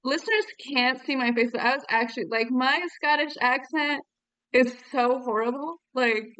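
A woman co-hosting a podcast, trading dry, teasing jokes. Her voice sits a little above the usual pitch for a woman. The mic is close and dry, with no room sound. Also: moderate pace, no room sound, low-quality recording. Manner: teasing, deadpan banter. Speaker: podcast co-host. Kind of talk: casual podcast chat.

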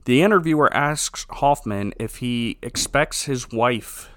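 A man hosting a podcast in casual chat, animated and incredulous, laughing often. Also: mid-range voice, unhurried, dry recording, studio quality. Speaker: podcast host.

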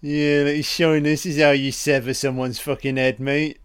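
A man giving a crude, profane, excitable running commentary on a film, calling the characters love and baby. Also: a little high, normal speed, clear, resonant tone.

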